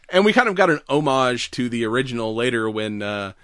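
A man's voice: medium pitch, big pitch swings, normal speed, a bit bright, smooth, dry recording, studio quality. A man co-hosting a podcast, chatting casually and laughing often as he retells a movie and acts out its lines. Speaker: podcast co-host. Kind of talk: casual chat recapping a movie.

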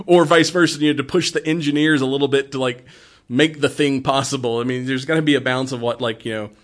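A man's voice: medium pitch, a little fast. A man with a mid-range voice chats casually about a film he loves. He retells scenes with gusto, acting out lines and breaking into laughs. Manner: animated retelling, acts out quotes, laughs often. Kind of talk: casual movie chat.

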